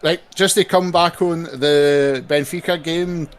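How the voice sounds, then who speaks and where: A man's voice: a little high, steady tone, slow pace. A man chatting and teasing on a football watch-along, often laughing. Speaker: podcast co-host. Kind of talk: casual match watch-along chat.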